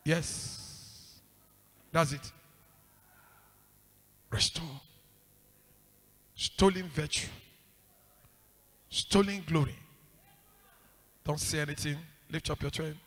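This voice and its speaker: A man's voice: fairly high pitch, measured pace, long pauses, fairly bright tone. A man leading a church prayer session as pastor, calling out commands and counting out the prayer rounds. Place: church service.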